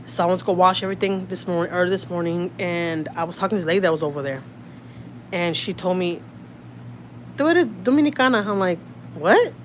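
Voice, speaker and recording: Her fairly low voice stays steady as she talks quickly, with a little hiss or hum on the phone audio. She's a Houston vlogger chatting with her livestream viewers from a car, reading comments and cursing freely in her local accent.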